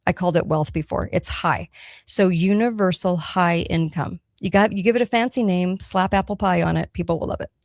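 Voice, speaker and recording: A woman's voice: on the low side, brisk, creaky, no room sound. A woman hosting a radio talk show, speaking emphatically and checking in with her listeners as she goes. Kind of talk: solo talk radio monologue.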